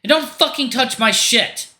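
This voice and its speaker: Furious young blue jay bird-man, voiced by a man, snarling, bright and echoey. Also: very high voice, moderate pace, pitched above the performer's own voice, heavily acted. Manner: shouting, snarling, cursing. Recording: roomy echo.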